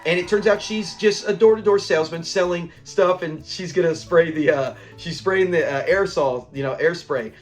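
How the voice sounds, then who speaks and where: A man's voice: on the high side, normal speed, few pauses, soft background music. Man rambling through an episode recap. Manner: rambling retelling, acts out lines and laughs. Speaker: show reviewer.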